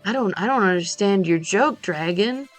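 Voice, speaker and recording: A woman's voice: mid-range voice, lively intonation, normal speed. A woman streamer chatting casually and jokily while playing a game, rambling between asides to her viewers. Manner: rambling, jokey, talks to chat. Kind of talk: casual gameplay chat. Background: faint game music.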